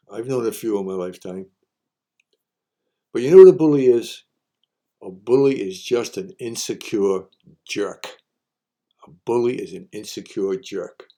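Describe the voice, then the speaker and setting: A man with a mellow, mid-range voice hosts a folksy monologue of homespun advice, repeating each saying for emphasis.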